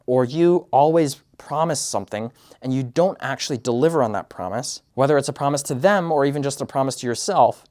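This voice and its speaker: A man's voice: mid-range voice, a little mellow. A man talking straight to camera with casual advice on sounding confident. He explains his points in a structured way and demonstrates tones as he goes. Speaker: YouTube creator giving career and communication advice.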